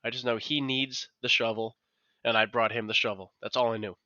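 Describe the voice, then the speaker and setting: A man chatting on a podcast, his voice bright and forward, heard close and dry. He tells his stories with animated energy and curses casually. The sound is a little dull and lo-fi. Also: medium pitch, brisk, dry recording. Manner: animated storytelling, swearing freely. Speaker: podcast co-host. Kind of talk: casual chat.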